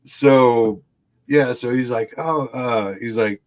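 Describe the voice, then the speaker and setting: A Texan guest storyteller recounts a wild family tale in casual conversation, laughing often, cursing freely and mimicking the people he quotes. His voice is medium-pitched and he takes his time.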